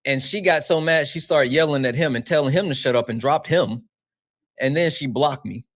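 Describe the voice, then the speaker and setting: A man's voice: a little high, normal speed. A man hosting a livestream, talking casually with lots of swearing and frequent laughter. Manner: profane, animated, laughing often. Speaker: livestream host.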